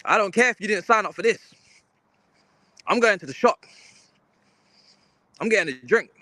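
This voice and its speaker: A man's voice: high-pitched, lively intonation, normal speed, pushed and bright, no echo. A young man hosting a livestream, ranting in slangy, exasperated, muttering casual talk. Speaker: livestream host.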